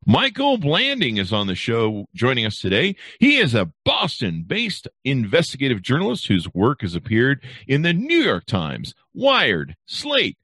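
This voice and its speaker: Male podcast host, animated delivery, jokey and self-mocking, dry studio sound. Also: mid-range voice, unhurried, hardly any pauses, dry recording. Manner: jokey, self-deprecating, stumbles over names. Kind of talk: podcast interview with sponsor reads. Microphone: studio microphone.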